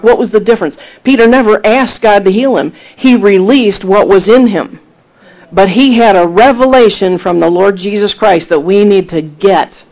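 Male preacher, sermon delivery, fairly high voice, emphatic, storytelling with quoted voices. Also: moderate pace, darkish tone, low-quality recording. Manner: emphatic, rising to exhortation.

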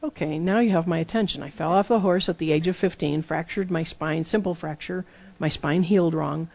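A preacher giving a sermon full of personal testimony, telling the stories lively and acting out the dialogue. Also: medium pitch, fairly quick, creaky, lo-fi sound. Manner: lively storytelling that acts out dialogue.

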